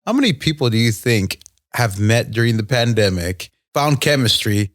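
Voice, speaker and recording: A man's voice: mid-range voice, big pitch swings, normal speed, no echo, clean studio sound. A man co-hosting a podcast, joking crudely and swearing in casual chat. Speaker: podcast co-host.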